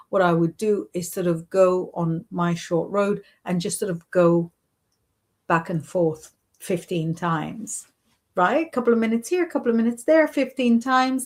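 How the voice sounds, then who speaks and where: A woman hosting a casual live stream, chatting and encouraging as she reads viewer comments and gives intuitive readings, with lots of "sort of" and "you know". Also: lowish voice.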